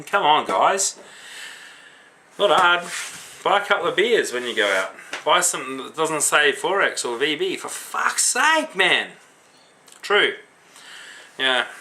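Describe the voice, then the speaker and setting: A man's voice: a little high, bright, forceful tone, slight background noise. A tipsy man with an Australian accent, rambling and swearing in a casual rant to his vlog viewers about homebrewing and beer. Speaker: homebrewing vlogger.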